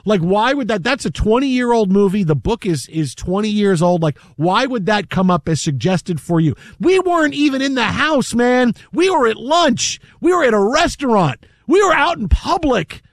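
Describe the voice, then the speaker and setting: A man telling a story in casual chat as podcast co-host, animated and rambling, with restarts. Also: high-pitched, moderate pace, few pauses, no room sound, clean studio sound.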